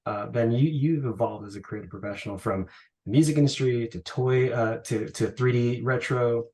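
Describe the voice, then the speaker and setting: A man interviewing a guest in a relaxed conversation, asking long, rambling questions. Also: mid-range voice, normal speed. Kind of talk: casual interview.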